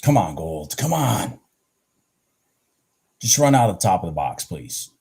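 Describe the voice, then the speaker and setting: A man hosting a live trading stream, urging his trades on, swearing at the chart and then slowly talking through his morning and setups. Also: low-pitched, big pitch swings, gravelly, darkish tone, husky. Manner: slow, rambling and candid when explaining. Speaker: futures trading livestream host.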